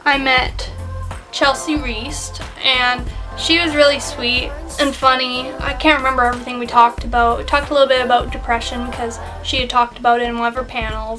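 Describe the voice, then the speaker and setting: A young woman chatting casually in a vlog, giggling often and acting out what people said. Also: high voice. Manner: giggly, chatty, quickly shifting between quoted voices. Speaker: vlogger. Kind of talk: casual chat recounting a fan convention.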